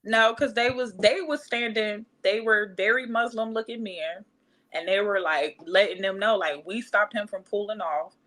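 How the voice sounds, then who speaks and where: A woman's voice: mid-range voice, normal speed. A woman in her thirties, a podcast guest telling her life story casually and acting out the voices of the people in it. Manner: animated, acts out quoted voices.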